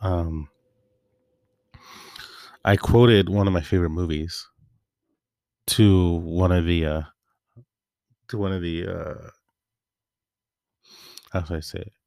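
Male solo host, deep voice, dry close sound, rambling casual monologue. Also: fairly even intonation, takes it slowly, creaky, pauses often, a little mellow, dry recording. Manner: rambling, loose and offhand with fillers. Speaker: podcast host.

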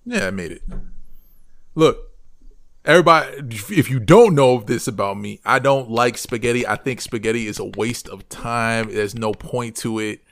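Gravelly man ranting in podcast banter. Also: medium pitch, normal speed. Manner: animated comic ranting. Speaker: podcast co-host.

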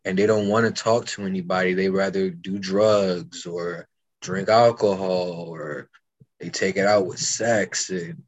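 A young man co-hosting a podcast, telling stories in casual chat with fast bursts and frequent restarts. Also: sits low, steady tone. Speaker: podcast co-host.

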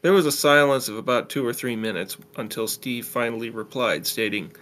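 A man reading a story aloud, plain and steady, now and then stumbling and restarting a phrase. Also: mid-range voice, a little fast, hardly any pauses. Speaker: story reader.

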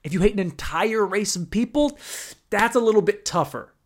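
A man's voice: high-pitched, moderate pace. A young man hosting a podcast, ranting in a crude, sarcastic, rambling comedic style. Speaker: podcast host. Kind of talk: comedic rant.

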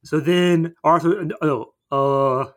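A man's voice: a little high, slow. A man casually retelling a movie plot on a podcast, rambling and acting out the characters. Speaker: podcast co-host. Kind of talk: casual movie recap chat.

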